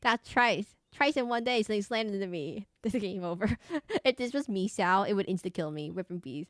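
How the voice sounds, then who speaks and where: A woman's voice: mid-range voice, normal speed, no room sound, studio quality. Giggly young woman streaming a game. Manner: giggly, chatty, jokey. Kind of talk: casual gaming commentary.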